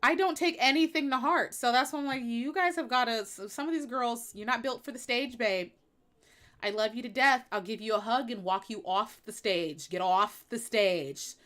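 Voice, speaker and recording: A woman's voice: fairly high pitch, normal speed, a bit bright. A woman hosting a live stream, talking bluntly and emphatically in an opinionated, sassy way. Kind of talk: opinionated casual chat.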